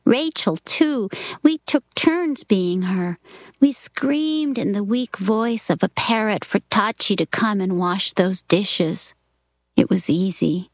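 A woman reads a novel aloud at a slow, unhurried pace. Her delivery is soft and reflective, and some phrases sink to a whisper. The recording is dry and close. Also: medium pitch, no echo. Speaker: reader.

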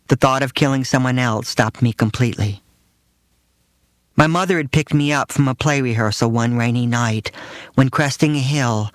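A man reads his first-person memoir in a dry, matter-of-fact way, at an even middle pitch. He is close to the mic in a dead, echo-free studio. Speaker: narrator reading his own memoir.

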